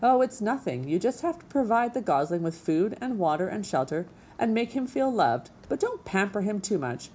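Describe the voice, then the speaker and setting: A woman voicing a bossy old female goose who scolds briskly and sharply in a storybook reading. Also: mid-range voice, sing-song, darkish tone, slightly rough, pitched above the performer's own voice. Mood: scolding.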